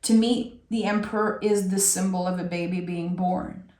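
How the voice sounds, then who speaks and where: A woman giving a soft, heartfelt tarot reading with many pauses, speaking straight to her viewer. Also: lowish voice, steady tone, roomy sound. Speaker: tarot reader. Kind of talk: emotional tarot reading monologue.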